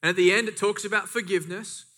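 A man's voice: sits high, fairly even intonation, fast, pushed and bright. A man preaching a sermon, reading scripture and driving points home with emphatic repetition and casual asides. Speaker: pastor.

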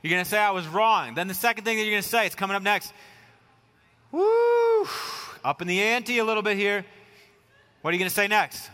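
A male pastor in his forties preaches to his congregation in a conversational, questioning way. His voice sits a little high for a man and carries a forceful edge. The sound rings out with a long reverb from a big church hall. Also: racing, clean tone. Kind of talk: sermon.

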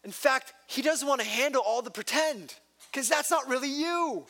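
A man's voice: very high-pitched, moderate pace, pushed and bright. A male pastor preaching a sermon, impassioned and building to emphatic peaks, with chatty personal asides. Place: church.

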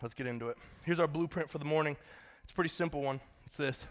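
A man's voice: a little high, fast talker. A man, a pastor giving a sermon in a church auditorium, casual and joking with the congregation.

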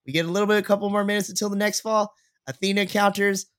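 A man's voice: high-pitched, little pitch movement, fast talker, a bit bright, no echo, clean studio sound. A man co-hosting a podcast in casual chat, playful and laughing often while breaking things down analytically. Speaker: podcast co-host.

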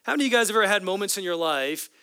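A male pastor delivers a sermon with a high, bright, forceful voice. He builds impassioned runs of repeated phrases. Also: lively intonation, very fast, smooth, no room sound, studio quality. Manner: impassioned, repetitive preaching cadence.

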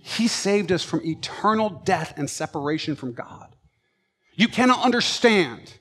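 A man preaching a sermon with passion, swinging between loud, emphatic lines and quiet, low ones. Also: animated, a little slow, husky.

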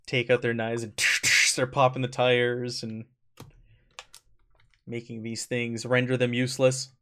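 A man's voice: medium pitch, unhurried, clean tone. Game master man narrating a tabletop game. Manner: relaxed, laughs often, narrates in second person.

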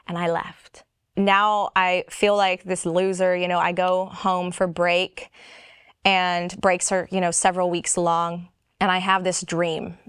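A woman's voice: on the low side, a bit bright, smooth, no echo, studio quality. A woman telling a personal faith testimony in a casual, candid way, full of "like" and "you know" and rhetorical "right?". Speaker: speaker sharing her faith story.

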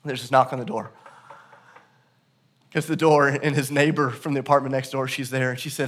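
A male pastor preaching a sermon in a church service, telling stories that swing from hushed to loud and emphatic. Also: medium pitch, little pitch movement, brisk, pauses often.

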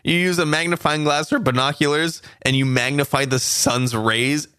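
A man's voice: on the high side, steady tone, moderate pace, pushed and bright, clean tone, no echo, clean studio sound. A man co-hosting a casual podcast, playful and jokey, often cutting in with gags. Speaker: podcast co-host. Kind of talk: casual chat.

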